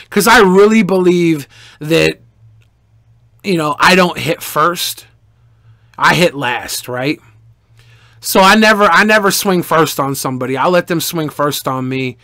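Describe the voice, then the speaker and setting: A man streamer answering viewer questions in casual, animated storytelling, profane and boastful. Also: on the high side, normal speed, dry recording, studio quality.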